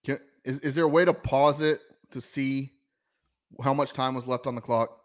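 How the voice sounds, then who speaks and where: A Southern man from the American South, speaking at medium pitch and normal speed, tells a sports story as a podcast co-host in casual sports chat. His animated telling rambles, with many restarts.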